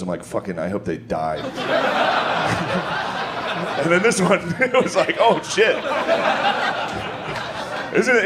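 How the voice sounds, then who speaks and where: A man doing a crude stand-up set on stage, laughing through his punchlines. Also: high-pitched. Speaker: stand-up comedian. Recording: loud crowd noise of a live show.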